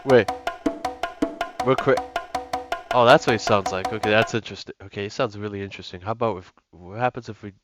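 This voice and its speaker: A man's voice: lowish voice, fairly quick, pauses often. A young man giving casual gameplay commentary as a gaming YouTuber, rambling with lots of fillers and restarts. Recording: lo-fi with music and mains hum.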